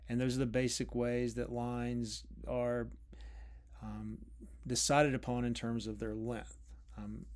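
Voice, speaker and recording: A man of ordinary middle pitch gives an unscripted lecture on poetry. He talks thoughtfully and restarts phrases as he searches for words. His pace slows deliberately on key points. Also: creaky. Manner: thoughtful, with frequent restarts and drawn-out pauses.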